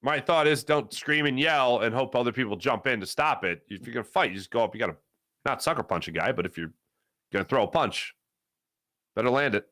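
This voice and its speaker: Animated man hosting sports talk. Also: a little fast, dry recording, clean studio sound. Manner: animated, rambling, swings between low asides and loud bursts. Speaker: sports show host. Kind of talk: live-streamed sports talk, reading chat.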